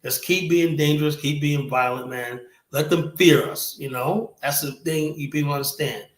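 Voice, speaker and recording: A man hosting a stream, talking bluntly and profanely and rambling, with a steady stream of "you know". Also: on the high side, moderate pace. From United States. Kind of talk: casual stream talk. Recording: roomy echoey sound.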